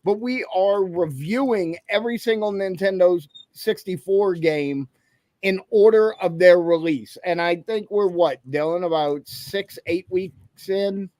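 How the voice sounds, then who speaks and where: A fairly high-voiced man hosts a casual livestream, talking loosely and shouting out to people in the chat. His voice sits close and dry, with no room sound around it. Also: unhurried, no echo. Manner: loose and rambling, greets viewers in chat. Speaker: livestream host. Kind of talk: casual live show chat.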